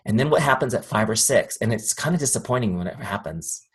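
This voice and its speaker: Male trainer, husky voice, energetic and chatty, talks to a live room. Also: on the low side, quick pace. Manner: lively, acts out quoted voices, asks audience questions. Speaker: sales trainer.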